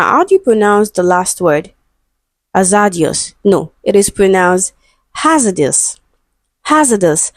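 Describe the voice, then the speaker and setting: A woman tutor leads an exam-prep English lesson with a patient, step-by-step delivery, sounding out and spelling words before naming the right option. Her voice sits at an ordinary middle pitch. The recording is close and dry, with no room sound. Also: a little mellow, dry recording.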